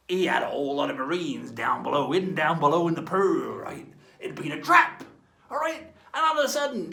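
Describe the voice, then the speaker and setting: A man's voice: sits high, creaky, bright, forceful tone. A man presenting a pirate lesson for children, telling tales with dramatic whispers and pirate growls. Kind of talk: storytelling lesson for kids in pirate character. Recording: roomy echo.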